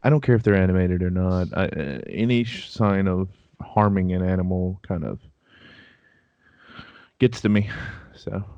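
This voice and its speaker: A man's voice: low-pitched, moderate pace, pauses often, clear, resonant tone, dry recording, dull audio. A man co-hosting a casual anime chat, talking in a chatty, defensive way and laughing easily. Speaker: podcast co-host.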